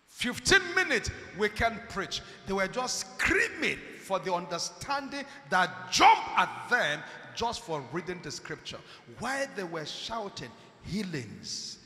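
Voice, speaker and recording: Male preacher, high animated delivery, swings from shouting to hushed, booming hall reverb. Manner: calls out to the congregation. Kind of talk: sermon. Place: church hall. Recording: echoey church hall.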